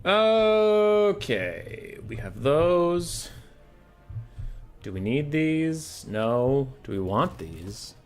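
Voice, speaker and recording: A man's voice: mid-range voice, extremely slow, faint music behind. Brash, swearing gaming streamer man. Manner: brash, swearing, animated, talks to chat. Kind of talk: casual gaming stream chat.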